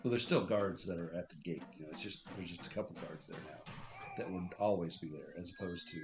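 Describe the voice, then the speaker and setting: A man acting as game master, narrating scenes and asking the players what they want to do, in a relaxed way. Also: deep voice, fairly quick, over music. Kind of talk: running a tabletop game.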